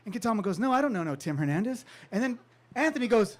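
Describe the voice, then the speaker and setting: A man with a high voice tells a story to a live audience. He is animated and laughs often, and he jumps into the voices of the people he quotes. He grew up in California. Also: fast talker. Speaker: author giving a talk.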